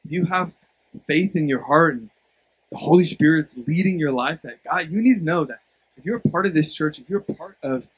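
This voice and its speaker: A young adult man preaching a sermon, moving between quiet storytelling and loud, emphatic exhortation. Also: on the high side, animated, a little fast, slightly rough, rough recording. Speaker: pastor.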